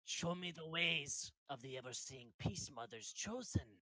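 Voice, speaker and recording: A man's voice: a little high, lively intonation, measured pace, sharp tone, no echo, exaggerated voice, low-quality recording. A man voicing a gracious male dragonborn fighter who speaks in a formal, courtly way.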